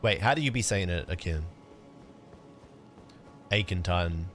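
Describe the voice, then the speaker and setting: A young male streamer chats casually while gaming, laid-back and rambling, with an occasional curse. His voice sits low yet is expressive and a bit bright, moving at a measured pace over soft background music.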